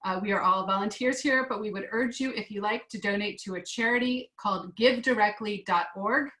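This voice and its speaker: A woman's voice: mid-range voice, a little fast, fairly bright tone. An American woman hosting an online class interview, chatty and friendly with lots of fillers, on a video call. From United States. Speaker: host. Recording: echoey room.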